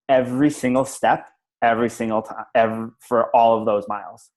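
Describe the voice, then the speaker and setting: A man's voice: mid-range voice, steady tone, normal speed, a little mellow, rough recording. A man on a group call telling a personal story casually, rambling with lots of fillers and the odd swear word. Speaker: call participant.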